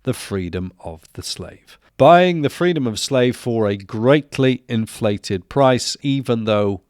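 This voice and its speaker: A man hosts his own video, talking through a show in a chatty, upbeat review. His voice sits at a middling pitch and sounds close and dry, with no room around it. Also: animated, slow pace, a little mellow, no echo. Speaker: video host. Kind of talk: casual review commentary.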